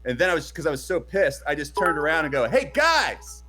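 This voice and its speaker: A man's voice: on the high side, fast talker, pushed and bright, faint music behind. A man co-hosting a casual streamed chat show, telling a long rambling story with lots of fillers. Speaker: podcast co-host. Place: home streaming setup.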